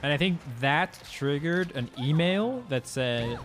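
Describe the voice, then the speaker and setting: A man's voice: a little high, expressive, unhurried, few pauses, fairly bright tone, faint music behind. A young man from Sweden, streaming and chatting with his viewers in a loose, slangy way and swearing freely. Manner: laid-back and slangy, swears freely, loose rambling delivery. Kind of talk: casual chat with viewers.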